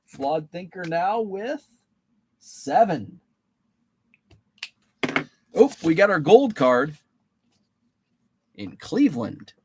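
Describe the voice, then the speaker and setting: A man's voice: on the high side, big pitch swings, drawn-out words, long pauses, a little mellow, slightly rough. A man hosting a live stream, running a guessing game with trading cards, reading out viewers' names and answers in a chatty, playful way. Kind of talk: casual live-stream chat.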